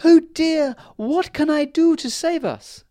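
A man putting on a high, frantic fairy queen. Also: slow pace, mellow, no echo, studio quality. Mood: panicked. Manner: high, breathless, pleading. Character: frightened fairy queen, small and magical, woman. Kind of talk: storybook reading.

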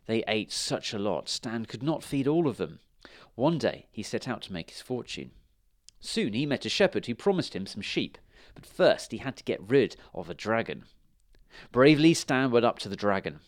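A man reading a children's storybook aloud, expressive with dramatic pauses. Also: lowish voice, no echo, clean studio sound.

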